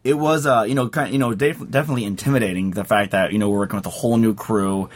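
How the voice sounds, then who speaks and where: A man's voice: fairly low pitch, fast. A man, a director, telling rambling anecdotes on a podcast and laughing as he goes. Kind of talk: casual podcast storytelling.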